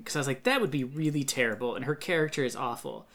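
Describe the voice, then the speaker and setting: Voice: mid-range voice, animated, quick pace, few pauses, a bit bright. Rambling podcast co-host, casual chat. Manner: rambling, hedges with many fillers.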